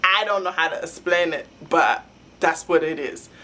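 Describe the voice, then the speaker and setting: A young woman telling a story to her vlog camera in a rambling, excitable way, full of "like" fillers. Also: low-pitched, moderate pace. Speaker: vlogger. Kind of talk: casual fan storytelling.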